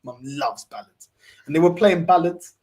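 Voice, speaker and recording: A man's voice: fairly high pitch, expressive, moderate pace, darkish tone. A man hosting a casual chat, easygoing, laughing often and repeating himself. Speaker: channel host.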